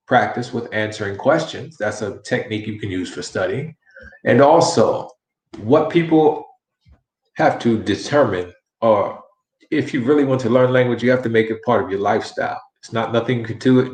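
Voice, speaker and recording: A man's voice: fairly low pitch, a little mellow, roomy sound. A man teaching a casual Spanish lesson, repeating phrases and modeling question inflection with encouragement. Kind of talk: casual online language lesson.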